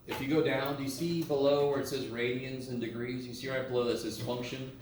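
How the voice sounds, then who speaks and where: A man's voice: mid-range voice, flat delivery, fairly quick, a little mellow. A man giving a casual, joking math lecture in a classroom, swearing now and then as he works through problems. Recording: echoey classroom from a distance, faint room noise.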